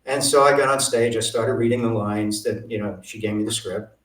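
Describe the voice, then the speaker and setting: A man's voice: on the low side, fairly even intonation, brisk, fairly bright tone, roomy sound, recorded from a distance, rough recording. A man telling stories as an interview guest, acting out the dialogue he quotes. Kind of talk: storytelling interview.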